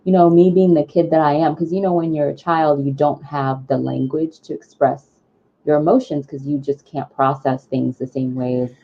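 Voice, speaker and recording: Low-pitched female co-host, animated casual storyteller, dull lo-fi recording. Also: normal speed. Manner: animated storyteller, mimics her mother. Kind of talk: casual chat. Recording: dull lo-fi sound.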